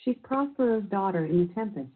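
A computer-generated woman's voice reading trivia clues in a steady, measured announcer cadence. Her tone is slightly husky, and the sound is thin and tinny, like it is coming through a phone line. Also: mid-range voice. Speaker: quiz game voice assistant. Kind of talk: synthesized quiz clue reading.

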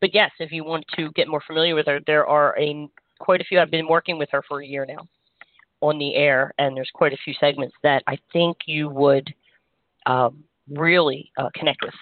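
A woman energy healer hosting a call-in show, giving gentle, reassuring spiritual guidance in a meandering way. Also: low-pitched, steady tone, normal speed, dry recording. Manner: gentle, reassuring, meandering with frequent "you know". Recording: dry, tinny phone-line sound.

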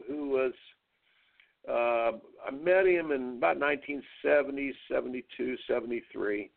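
A man's voice: medium pitch, creaky. A middle-aged man, a tennis coach hosting a radio show, telling rambling anecdotes with quoted dialogue and repeated words. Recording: narrow phone-like radio line.

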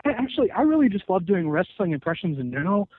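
A man hosting a wrestling podcast in casual chat, animated and full of "you know". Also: high-pitched, fast talker, breathy edge, dry recording. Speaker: podcast host. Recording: tinny phone-like sound.

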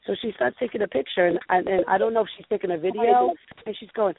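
A woman's voice: medium pitch, quick pace, vocal fry. Chatty woman on a tinny phone line. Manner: rambling storyteller, many fillers. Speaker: show host. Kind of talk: casual call-in chat. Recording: tinny phone-line audio with faint noise.

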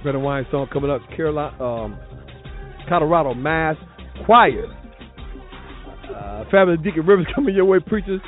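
A man with a Southern US accent hosting a Sunday morning gospel radio talk show, playful and exclaiming loudly at times. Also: a little high, moderate pace, long pauses, soft background music. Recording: tinny phone-like broadcast audio.

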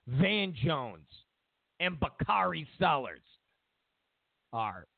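A man's voice: high-pitched, vocal fry, dry recording. Profane ranting talk-show host man. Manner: profane, mocking, animated rants. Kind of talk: ranting commentary. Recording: dry tinny phone-like sound.

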